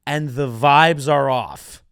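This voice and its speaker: A man puts on a carefree young woman, offhand and drawling. She sounds breezy and a little vague, and his delivery slows down in a comedy monologue. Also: medium pitch, fairly bright tone, clear, resonant tone, no room sound, studio quality.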